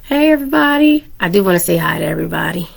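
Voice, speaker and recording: A woman's voice: on the low side, very animated, racing, vocal fry, slightly rough. A woman hosting her own podcast in casual, candid chat, laughing often and a little under the weather with a cough, speaking into a turned-down microphone. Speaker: podcast host. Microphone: microphone turned down low.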